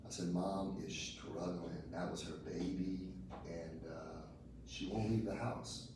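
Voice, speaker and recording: A man's voice: sits low, steady tone, takes it slowly. A man giving an emotional personal testimony to a group, telling it in a conversational way with many restarts. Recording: echoey room from far off with ambient noise.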